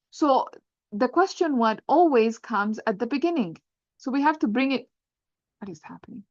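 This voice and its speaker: A woman with a fairly high voice teaches an Arabic grammar lesson in a muffled recording with no room sound. She explains patiently step by step, repeats points, and often checks understanding with "right?".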